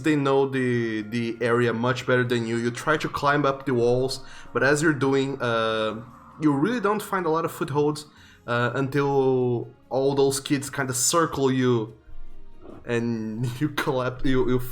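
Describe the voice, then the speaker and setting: A man's voice: medium pitch, unhurried, faint music behind. A man narrating as game master in a tabletop game, casual and loose, with plenty of fillers.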